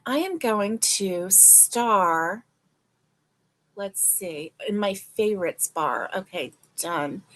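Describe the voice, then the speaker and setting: A woman's voice: mid-range voice, a bit bright. A woman hosting a casual crochet livestream, reading stitch descriptions aloud and reacting with delight.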